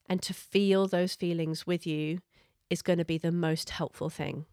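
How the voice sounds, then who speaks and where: A woman giving parenting advice in a gentle, earnest, explanatory way. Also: lowish voice, vocal fry, dry recording, studio quality. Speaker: parenting coach.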